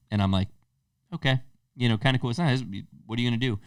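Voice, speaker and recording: A man's voice: medium pitch, steady tone, fast, dry recording, studio quality, recorded from a distance. A man co-hosting a podcast, chatting casually and telling loose, profane stories. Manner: loose, storytelling, swearing freely. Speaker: podcast co-host. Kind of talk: casual chat.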